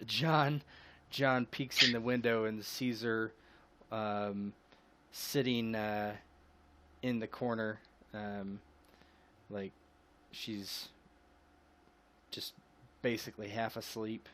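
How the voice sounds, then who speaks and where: Unhurried man running a tabletop game. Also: on the low side, fairly even intonation, pushed and bright. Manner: unhurried, hesitant with fillers. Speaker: game master.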